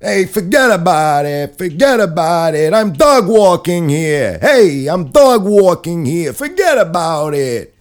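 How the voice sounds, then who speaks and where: A man voicing a loud, cocky male dog from Brooklyn with a put-on New York accent, shouting wisecracks. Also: a little high, sing-song, unhurried, pitched above the performer's own voice. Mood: brash. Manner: shouty, brash, gruff wisecracking.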